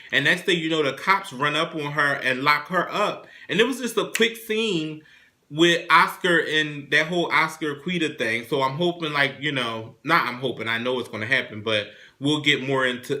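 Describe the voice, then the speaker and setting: A young man hosting his own show, casually recapping a TV drama episode in a chatty, animated, profane way. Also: a little high. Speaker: show host reviewing a TV drama.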